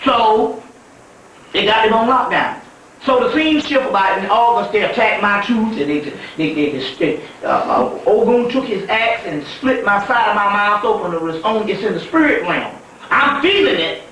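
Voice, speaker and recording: High-voiced man lecturing in an echoey room. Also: moderate pace, slight background noise. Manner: profane, animated storytelling. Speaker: spiritual lecturer. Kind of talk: spiritual lecture. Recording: echoey room heard from far off.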